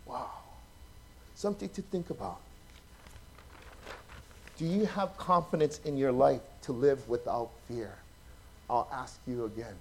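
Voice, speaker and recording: A man preaching an informal sermon, telling stories in a chatty, animated way and often asking his listeners questions. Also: mid-range voice. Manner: chatty, animated, acts out quotes, asks the audience questions.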